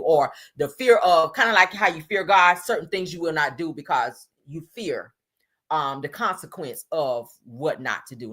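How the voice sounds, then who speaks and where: A woman hosting a livestream, telling a childhood story in a casual, animated way and often laughing as she talks to her viewers. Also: low voice. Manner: animated, laughing, addresses viewers as y'all and baby. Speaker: livestream host. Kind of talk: casual storytelling to live chat.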